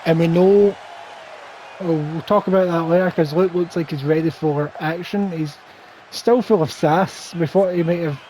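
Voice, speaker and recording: A man's voice: on the high side, fairly even intonation, normal speed, dark tone, a little hiss or hum, rough recording. A man doing play-by-play commentary over a wrestling video game, with wry, teasing banter.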